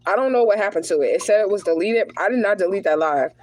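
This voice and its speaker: Woman, spiritual card reader, relaxed streaming chat, direct address to viewers. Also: mid-range voice, quick pace, low-quality recording. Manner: casual, chatty, talks straight to viewers as y'all; drops into prayerful invocation. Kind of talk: livestreamed tarot reading.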